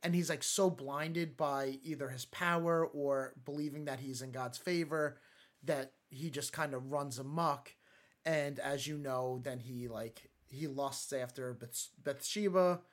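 A man's voice: medium pitch, a little slow. A man giving a casual, conversational sermon talk, retelling Bible stories with lots of fillers and acted-out quotes. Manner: conversational, many fillers and restarts, acts out quotes. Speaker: church speaker.

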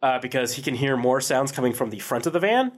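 A man's voice: medium pitch, expressive, fast talker. A man running a tabletop game as game master, narrating casually and rambling with lots of fillers.

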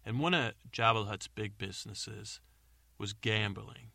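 Man, low gravelly voice, rambling bedtime story narration, meandering asides, dry close sound. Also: unhurried, bright, forceful tone, no room sound. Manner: meandering, self-correcting, unsure asides. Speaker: podcast host.

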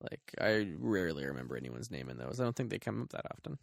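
Gravelly man with wry asides. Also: low voice, big pitch swings, quick pace, no room sound, clean studio sound. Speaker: podcast co-host. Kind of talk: casual movie review chat.

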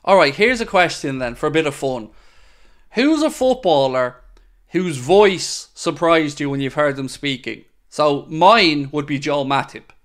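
A man's voice: on the high side, expressive, unhurried, fairly bright tone. A young man hosting a podcast, chatting casually and opinionatedly as he reads out comments from a live chat. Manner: chatty and opinionated, with frequent fillers and asides. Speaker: podcast host.

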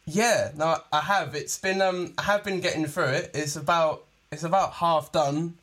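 A young man being interviewed as a guest musician, talking in a relaxed, hesitant way with many fillers. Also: a little high, normal speed. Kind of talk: casual interview.

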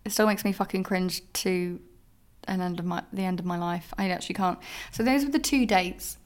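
A woman's voice: fairly low pitch, a little fast. A young woman hosting a podcast alone, telling her dating stories candidly with plenty of swearing and acted-out reactions. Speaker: podcast host. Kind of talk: casual solo podcast monologue.

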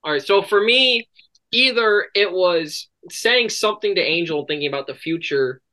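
Male host, bright and punchy, casual, swears a lot, meanders. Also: high-pitched, expressive, moderate pace, poor audio. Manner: profane, joking, rambling. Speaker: podcast host. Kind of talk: casual chat.

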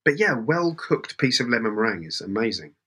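A middle-aged man chats as a podcast guest. His voice is bright with a husky edge. He talks in a relaxed, teasing way. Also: medium pitch, brisk. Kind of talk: casual chat.

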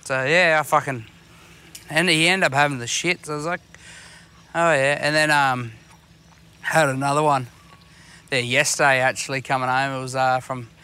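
A man's voice: medium pitch, steady tone, moderate pace, sharp tone, smooth. A man with an Australian accent co-hosting a podcast, telling rambling anecdotes full of swearing while out on a fishing boat. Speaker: podcast co-host. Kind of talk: casual chat.

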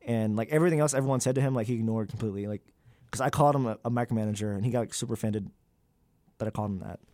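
Young man, low mellow voice, rambling. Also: very fast, no echo. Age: young adult. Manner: rambling, many "like" fillers. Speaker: graduate student interviewee. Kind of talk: candid casual interview.

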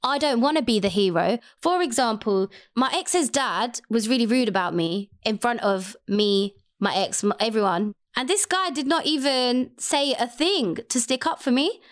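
A young woman co-hosting a casual chat, animated and swearing freely. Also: a little high, moderate pace, few pauses. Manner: animated, swearing, acts out quotes. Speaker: podcast co-host.

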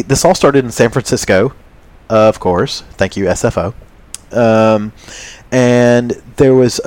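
A man's voice: mid-range voice, darkish tone, no echo. Rambling, jokey male podcast host. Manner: rambling, jokey, many ums. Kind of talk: casual chat.

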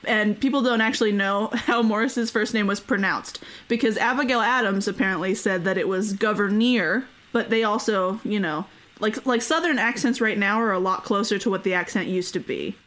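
A woman's voice: mid-range voice, normal speed, a bit bright. Giggly woman hosting a history podcast. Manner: chatty, laughs often, many fillers. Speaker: podcast host. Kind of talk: casual history podcast chat.

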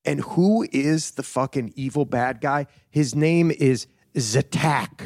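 A man's voice: mid-range voice, slow pace, a little mellow, dry recording, clean studio sound. A man hosting a podcast in casual chat, rambling and swearing, with many "like"s. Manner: rambling and profane, full of "like". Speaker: podcast host.

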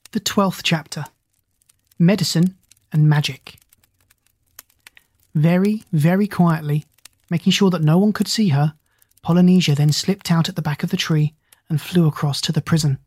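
A reader narrating a children's storybook in a steady, gentle way. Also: medium pitch, breathy edge, dry recording. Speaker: audiobook reader.

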